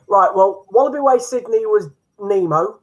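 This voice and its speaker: Husky man guessing quiz answers. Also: sits high, lively intonation, normal speed, highs cut off. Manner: chatty, jokey, talks through guesses. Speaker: quiz player. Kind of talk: casual chat during a quiz game.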